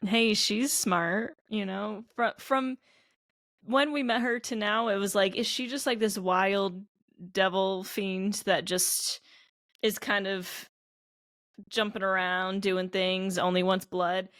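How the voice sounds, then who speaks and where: A woman's voice: mid-range voice, steady tone, slow pace, a bit bright, no echo. Rambling woman on a dry mic. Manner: casual, rambling, many "like" fillers. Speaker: podcast co-host. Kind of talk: casual anime discussion.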